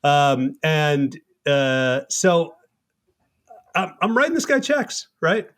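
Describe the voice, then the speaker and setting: A middle-aged man hosting a podcast, telling a lively anecdote. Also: on the high side, takes it slowly. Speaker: podcast host. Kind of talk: casual conversation.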